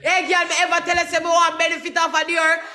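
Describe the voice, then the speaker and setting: High-voiced Jamaican man ranting and shouting. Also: completely flat delivery. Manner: heated, shouting, cursing, rapid patois. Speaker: social media personality. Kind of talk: angry profane rant.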